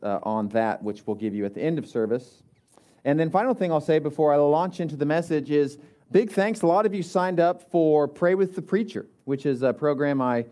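A male pastor delivering a relaxed, conversational sermon, with frequent fillers and restarts. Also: medium pitch.

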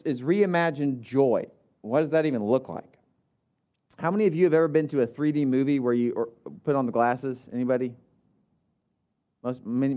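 A male pastor delivering a relaxed, conversational sermon, with frequent fillers and restarts. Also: mid-range voice.

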